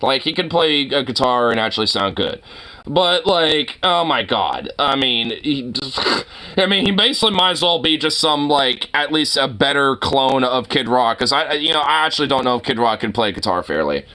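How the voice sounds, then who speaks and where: A man giving profane, rambling reaction commentary on a video, excitable and swearing constantly. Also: medium pitch, moderate pace. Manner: excitable, swears constantly, breaks into outraged shouts.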